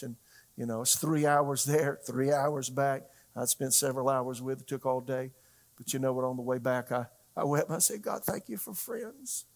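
A middle-aged man preaching a sermon as pastor, conversational and halting, with frequent fillers and restarts. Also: medium pitch, gravelly.

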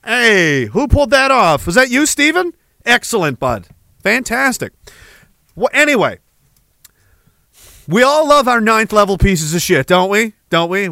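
A cheery, boastful male devil who brags like a game-show announcer to a crowd of demons, as a man puts him on. The voice sits high and bright. It has a showy, excited bounce. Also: no echo, exaggerated voice.

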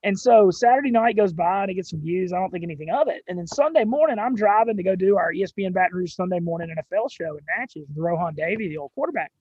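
A young man with a Southern drawl, telling his story as an interview guest in an excited, quick way with some cursing. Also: high-pitched, breathy edge, no echo, highs cut off. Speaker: sports radio and gambling show host, guest.

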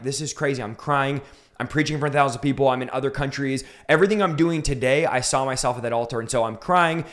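A man in his thirties recounts his conversion in an interview with fervent, emphatic conviction. His mid-pitched voice rises to intense peaks. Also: a bit bright. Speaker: preacher telling his testimony. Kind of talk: impassioned storytelling in an interview.

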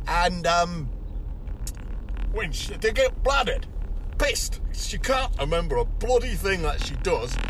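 A man doing a comic impression of a crude, boozy Geordie man, rambling and swearing through a recorded voice message. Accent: put-on Geordie. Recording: noisy recording with car rumble.

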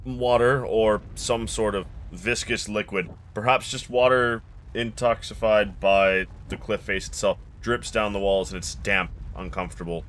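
Give me a low-voiced man game master, narrating slowly and deliberately. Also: steady tone, a bit bright, a little hiss or hum. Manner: slow, deliberate, atmospheric narration.

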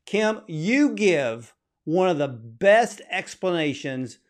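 A man's voice: high voice, big pitch swings, slow pace. A man hosting an interview who asks questions in an earnest, admiring way. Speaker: podcast host.

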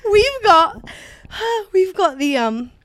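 A woman co-hosting a comedy podcast, telling stories in an animated, giggly way. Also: very high voice, drawn-out words. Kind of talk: casual podcast chat.

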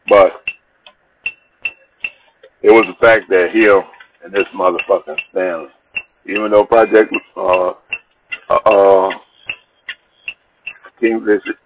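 A man telling a long, rambling personal story in casual, profane speech, acting out the people in it. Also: lowish voice. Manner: rambling, profane, animated retelling with quoted dialogue. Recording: dull lo-fi recording with faint noise.

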